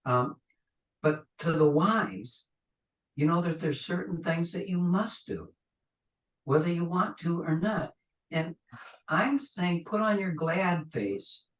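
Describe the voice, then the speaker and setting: A man's voice: fairly high pitch, slow, fairly bright tone. A man, an astrologer, giving a conversational webinar lecture that rambles and acts out people's reactions. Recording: echoey room, distant from the mic.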